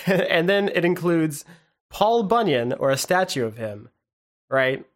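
A man's voice: fairly high pitch, very animated, slow pace. A man co-hosting a podcast in casual chat, dry and playfully teasing. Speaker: podcast co-host.

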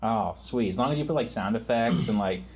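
A man's voice: fairly low pitch, animated, a little fast, a little mellow. A man appearing as a game developer guest on a podcast, chatting casually and rambling with self-deprecating jokes. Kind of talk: casual chat.

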